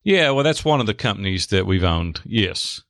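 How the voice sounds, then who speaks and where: A man's voice: on the low side, lively intonation, normal speed, fairly bright tone, no echo. A man in his fifties or older with a Southern US accent, a friendly, easygoing podcast guest. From Nashville, USA. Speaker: guest, life coach and businessman. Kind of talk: podcast interview.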